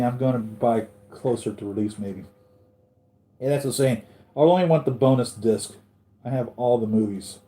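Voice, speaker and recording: A man's voice: medium pitch, mellow. A man hosting a casual live stream about collectible figures, rambling and thinking aloud as he answers viewer comments. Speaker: collectibles channel host.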